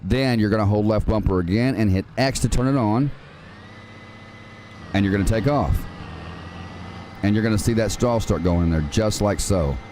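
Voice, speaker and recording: A man's voice: lowish voice, normal speed, long pauses, mellow, a little hiss or hum. Chatty man streaming a game. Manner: casual, chatty, calls viewers man and dude. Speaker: gaming livestream host. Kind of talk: live game tutorial with chat.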